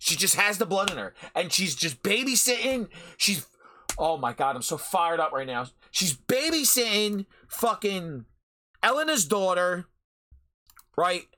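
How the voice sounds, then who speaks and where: A man hosts his podcast with a heated anime review rant, cursing freely and hammering each point twice. His pitch leaps around constantly. The tone is bright and forceful, with a punchy edge. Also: very animated, a little slow. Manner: profane, heated, repeats phrases for emphasis. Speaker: podcast host. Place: home recording during a storm.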